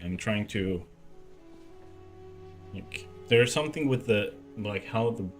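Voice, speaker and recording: A man with a fairly low voice chats loosely with his stream audience, rambling as he fiddles with his desk mic at home. Soft music plays faintly underneath. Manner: chatty, rambling while testing his mic. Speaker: game streamer. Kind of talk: casual live-stream chat. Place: room at home. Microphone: desk mic, moved around while talking.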